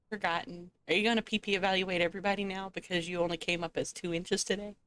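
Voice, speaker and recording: Playful woman streamer, lowish voice. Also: fairly even intonation, fast, a bit bright, slight background noise. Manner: playful, teasing, laughs often. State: eating with a full mouth. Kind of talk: casual gaming livestream chat.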